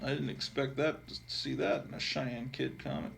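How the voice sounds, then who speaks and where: A man's voice: medium pitch, normal speed, vocal fry, a bit bright, a little hiss or hum. A man hosting a casual, digressive show-and-tell of his comic collection, talking offhand with many fillers. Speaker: comic book collector and channel host.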